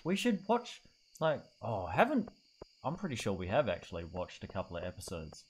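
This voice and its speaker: A man's voice: fairly low pitch, huge pitch swings, normal speed, breathy edge. Teasing man chatting while streaming. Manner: joking, teasing, laughs often. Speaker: game streamer. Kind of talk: casual banter with live chat.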